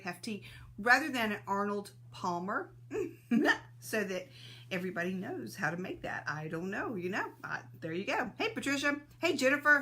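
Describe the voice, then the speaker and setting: Chatty bright-voiced woman live-streaming. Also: mid-range voice. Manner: chatty, greets viewers by name, laughs often. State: sneezy, teary-eyed. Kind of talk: casual live-stream chat greeting viewers.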